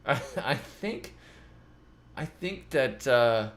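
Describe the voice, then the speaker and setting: A man's voice: mid-range voice, lively intonation, moderate pace, a bit bright. A middle-aged man hosting a gardening channel, chatting loosely in a rambling, self-mocking way and often repeating his words. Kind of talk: casual rambling vlog chat.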